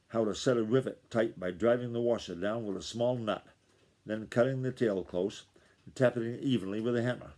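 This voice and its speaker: A father reading a chapter of a novel aloud in a steady, plain storytelling manner. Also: medium pitch.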